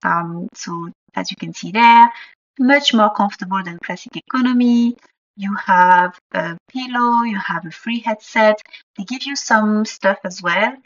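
A woman's voice: medium pitch, a little slow, a bit bright, recorded from a distance, highs cut off. A young woman giving a cheerful, easygoing commentary as a travel vlogger. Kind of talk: casual vlog voice-over. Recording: faint background music.

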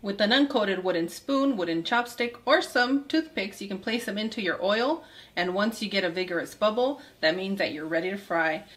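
A woman's voice: medium pitch, lively intonation, moderate pace, a bit bright. A woman hosting a cooking channel, giving upbeat, chatty step-by-step recipe narration.

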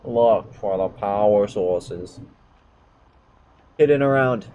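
A man putting on a mysterious game-maker voice in a slow, stately, vague accent, reading out the rules of a video game. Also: fairly low pitch, mellow, voice pushed down, poor audio.

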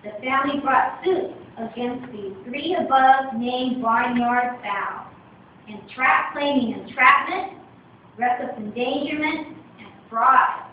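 A woman giving a wry, expressive storybook reading at a club meeting, recorded on a distant phone camera. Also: high-pitched, slow pace, a little hiss or hum. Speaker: speech contest reader. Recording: echoey room from far, dull lo-fi.

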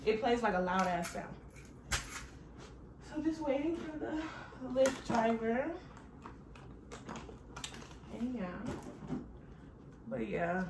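A woman's voice: fairly high pitch, expressive, slow pace, long pauses, background noise. A young woman, chatting casually to her viewers in a rambling, profane way, trailing off and sighing often. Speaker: vlogger. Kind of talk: casual chat to camera.

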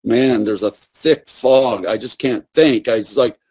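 A man's voice: mid-range voice, a little mellow, breathy edge. A man putting on the voice of a despairing, dazed male prophet who mumbles and halts as he pities himself. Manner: mumbling, halting, self-pitying.

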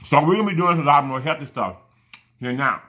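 A man's voice: on the high side, expressive, fairly quick, sharp tone. A man chatting casually to camera while eating, effusive and rambling, thanking his viewers again and again. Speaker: mukbang vlogger.

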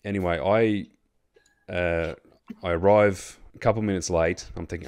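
A man's voice: sits low, fairly even intonation, normal speed, a little mellow, clean tone. An Australian man hosting a casual chat, telling a long story in a rambling way with lots of fillers, restarts and swearing. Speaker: host.

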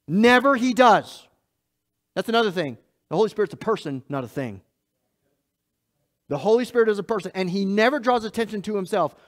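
A man preaching a sermon as pastor of a church, emphatic and repetitive, swinging between loud and hushed lines and speaking straight to the congregation. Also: high voice, animated, fast, long pauses. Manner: laughs at himself, talks to the congregation directly.

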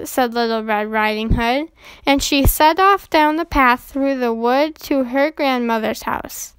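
Female storybook reader, gentle and measured, high-pitched, dry studio sound. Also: clean tone, dry recording. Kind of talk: reading a children's storybook aloud.

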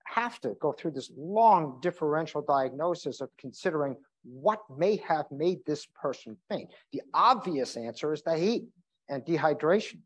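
A man's voice: fairly high pitch, expressive, normal speed. A man who is an emergency doctor, giving an informal health seminar with many fillers and restarts. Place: seminar room. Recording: dull lo-fi sound.

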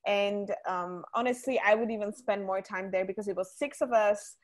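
A woman's voice: mid-range voice, normal speed. A woman co-hosting a webinar Q&A, talking conversationally with frequent ums and restarts. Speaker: webinar co-host. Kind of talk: casual webinar Q&A.

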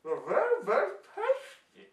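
A man's voice: high-pitched, lively intonation, measured pace, fairly bright tone, voice pushed up. A young man playing a cheerful, homespun male mushroom scientist with a folksy drawl in an amateur comedy skit. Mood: folksy chipper. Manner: folksy drawl, dropped g's, corny jokes. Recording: roomy echo from a distance.

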